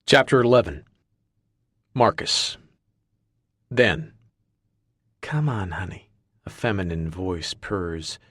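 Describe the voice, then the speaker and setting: A man's voice: lowish voice, fairly bright tone, no echo, clean studio sound. A man narrating an audiobook in the first person with intense, dramatic delivery.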